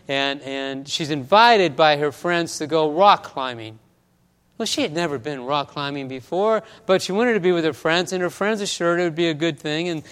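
A man's voice: on the high side, fairly bright tone, smooth, big-room sound. A man pastor preaching a sermon, telling a story with many stammers and restarts, in a church.

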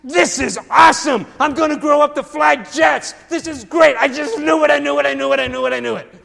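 A man voicing an excited eight-year-old boy who shouts, in a sermon story with hall reverb. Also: very high-pitched, measured pace, pitched above the performer's own voice, exaggerated voice. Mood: thrilled shouting.

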